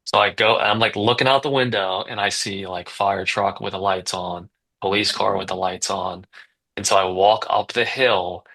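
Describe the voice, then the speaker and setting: A man in his twenties talks in a lower register with a bright, forceful edge. He rambles through a story in a casual podcast chat and keeps circling back with fillers and restarts. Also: steady tone, normal speed, gravelly, poor audio. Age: 20s. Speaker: guest, business owner.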